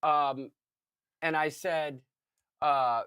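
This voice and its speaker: Animated fifty-something man telling a story. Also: a little high, very slow, clear, resonant tone, no echo, clean studio sound. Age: 50s. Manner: animated storyteller, shouts acted quotes. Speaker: podcast co-host. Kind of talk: casual storytelling chat.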